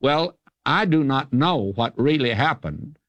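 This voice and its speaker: An older man, giving a listener's question a firm, folksy answer as a radio Bible teacher. His pitch swings widely as he presses each point home. The recording is close and dry. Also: expressive, measured pace, fairly bright tone, no echo. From American South. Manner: emphatic, folksy, opinionated.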